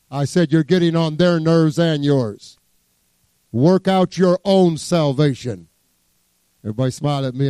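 A man preaching a sermon as pastor, quoting scripture with humor and swinging from soft asides to rising emphasis. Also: a little high, clean tone, no echo, studio quality.

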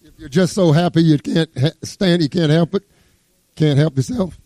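A man preaching a sermon as pastor, fervent, swinging between loud exclamations and hushed asides as he reads scripture. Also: a little high, moderate pace, dry recording. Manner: exclaims praise words, reads scripture aloud.

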